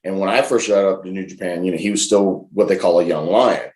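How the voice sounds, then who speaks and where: A man in his forties, an interview guest, telling lively anecdotes in a casual way and acting out the quotes. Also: low-pitched, fast talker. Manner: lively anecdotal storyteller, laughs and acts out quotes. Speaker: professional wrestler, interview guest. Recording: roomy echo.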